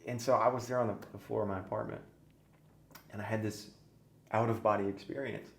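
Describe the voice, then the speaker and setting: A man's voice: fairly low pitch, fairly even intonation, brisk, vocal fry. A man guest on a podcast, telling his own story earnestly and intensely, his voice sometimes sinking to a near-whisper. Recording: echoey room with faint noise.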